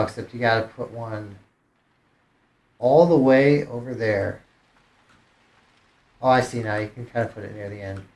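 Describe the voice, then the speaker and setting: A man's voice: mid-range voice, roomy sound. A man streamer giving casual gameplay commentary, thinking aloud with hesitant restarts. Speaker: game streamer.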